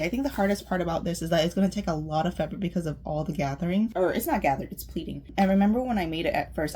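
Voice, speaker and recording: A woman's voice: fairly low pitch, darkish tone, slight background noise. Giggly young Southern woman vlogging. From American South. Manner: bubbly, rambling, giggly. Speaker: sewing vlogger. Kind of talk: casual vlog chat.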